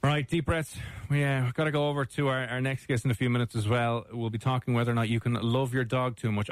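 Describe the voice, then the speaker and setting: A man's voice: medium pitch, dry recording. A man with an Irish accent co-hosting a radio show, teasing and chatty with fillers. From Ireland. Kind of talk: casual radio chat.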